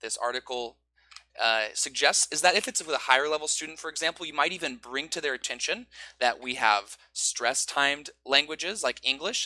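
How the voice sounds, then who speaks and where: A man teaching English pronunciation, explaining stress and rhythm and drawing out example phrases slowly. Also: a little high, bright, forceful tone, no echo.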